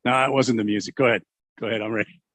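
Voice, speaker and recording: A man's voice: medium pitch, fairly even intonation, racing, over music. A man co-hosting and producing a radio show, teasing his partner with casual banter. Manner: teasing, laughs often. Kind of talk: casual chat. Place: radio studio. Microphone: studio microphone.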